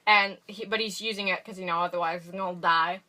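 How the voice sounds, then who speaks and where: A woman's voice: lowish voice, fairly even intonation, fast, pushed and bright, distant mic. A young woman co-hosting a casual podcast, making dry, mock-formal asides. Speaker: podcast co-host. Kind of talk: casual chat.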